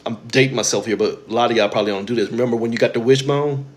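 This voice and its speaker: Brief: male host, mid-pitched, blunt and preachy, swears freely, mocks people in quick asides. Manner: blunt, profane and preachy, mimicking others in quoted asides. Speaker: spiritual talk host. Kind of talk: casual spiritual monologue.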